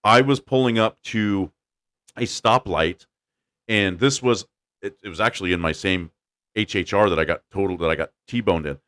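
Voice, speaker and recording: Animated man hosting a casual podcast. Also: low-pitched, moderate pace. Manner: animated storyteller, acts out quotes. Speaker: podcast host. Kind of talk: casual chat.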